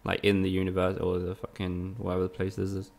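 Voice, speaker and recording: A man's voice: low voice, completely flat delivery, fast talker, gravelly, darkish tone. A young man from Spain, chatting casually with his viewers and swearing freely while he streams a game. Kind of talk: casual live-stream commentary.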